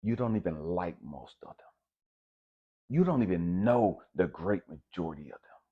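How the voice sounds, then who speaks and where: A man voicing God as a calm, probing male presence asking quiet questions. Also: sits low, moderate pace, breathy edge, narrow, tinny audio, full character voice.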